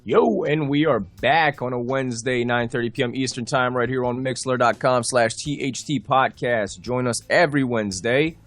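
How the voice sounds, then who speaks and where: A man's voice: medium pitch, normal speed, hardly any pauses, a bit bright, dry recording, soft background music. Profane rambling male podcast host. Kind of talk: casual wrestling podcast chat.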